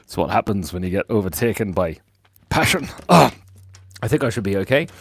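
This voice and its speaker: A man's voice: lowish voice, big pitch swings, a little fast, gravelly, slightly rough, no echo, clean studio sound. A cheerful, chatty man hosting a live drawing stream, constantly thanking viewers, on a clip-on mic. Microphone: clip-on lapel mic.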